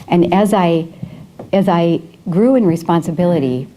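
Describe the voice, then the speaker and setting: A woman's voice: fairly low pitch, unhurried, dark tone, a little hiss or hum, poor audio. A middle-aged woman giving a leadership talk at a breakfast event, telling her career story with fillers and restarts and laughing at her own anecdotes. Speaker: guest speaker. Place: event room.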